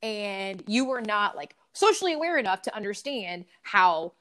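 A woman co-hosting a casual podcast, telling stories in an animated, swearing rant. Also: mid-range voice, normal speed. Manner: animated storytelling with frequent swearing. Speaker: podcast co-host. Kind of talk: casual ranting chat.

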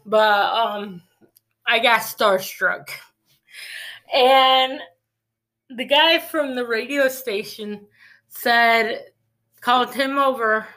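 A woman's voice: a little high, drawn-out words, pauses often, sharp tone. A woman hosting a faith-based podcast, talking earnestly and rambling, with frequent restarts. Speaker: podcast host. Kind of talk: casual faith-based monologue.

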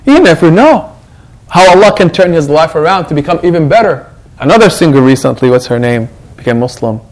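A man's voice: on the high side, a little fast, low-quality recording. A man, an imam, giving a conversational Quran reflection to his congregation and acting out what others say. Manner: animated, conversational, acts out quotes.

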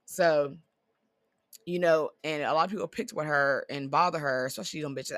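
A woman's voice: deep voice, animated, a little fast, sharp tone, dry recording. Blunt, profane woman ranting casually. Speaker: vlogger. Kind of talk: casual reality-TV chat.

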